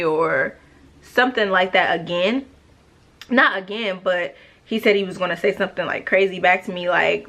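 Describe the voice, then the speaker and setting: A woman's voice: lowish voice, moderate pace, a bit bright. A young woman vlogger rambling through a makeup tutorial and a casual personal story, correcting herself often, sassy and talkative. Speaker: beauty vlogger.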